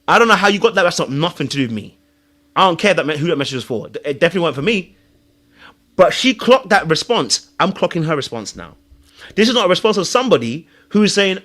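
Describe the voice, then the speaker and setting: A man hosting a reality-show reaction video, talking excitedly, laughing and breaking into imitations as he comments. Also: fairly high pitch, fast. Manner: excitable, laughs, mimics voices mid-sentence.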